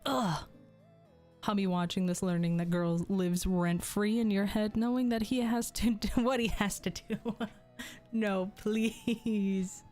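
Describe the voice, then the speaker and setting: A woman's voice: mid-range voice, fairly even intonation, takes it slowly, darkish tone, soft background music. A young adult woman streamer telling crude jokes and stories in casual chat. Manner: crude, joking storytelling, laughs often.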